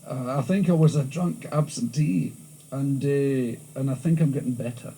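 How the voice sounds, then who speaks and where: A man with a thick Glasgow accent, talking through an interview in lively stories full of restarts. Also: medium pitch, normal speed, poor audio. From Scotland. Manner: animated storytelling, frequent restarts. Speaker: interviewee, comedian. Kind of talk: candid interview chat. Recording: old VHS tape with faint hiss.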